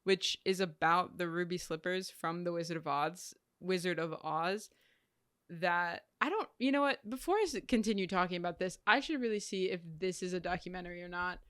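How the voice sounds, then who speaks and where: A woman's voice: fairly low pitch, brisk, a bit bright, clear, resonant tone, no echo, studio quality. A young woman co-hosting a movie podcast, chatty and teasing in casual talk. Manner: chatty, laughs often, teasing. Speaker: podcast co-host. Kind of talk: casual chat.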